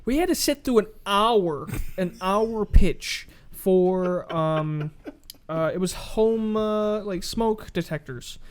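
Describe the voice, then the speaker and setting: A podcast co-host with a high voice tells a story in casual chat, taking his time. His tone is clean, and he's animated, acting out quoted dialogue and swearing freely.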